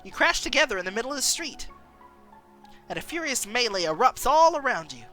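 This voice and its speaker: Woman streamer, lively pitch, bright voice, reading a game aloud, faint music behind. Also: fairly quick. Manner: animated, chatty.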